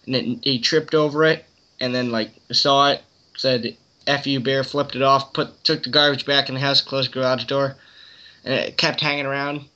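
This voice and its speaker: A young man on a hunting podcast, chatting in a relaxed, rambling way and saying "dude" a lot. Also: mid-range voice, normal speed. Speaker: podcast guest. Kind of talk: casual chat. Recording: dull lo-fi audio.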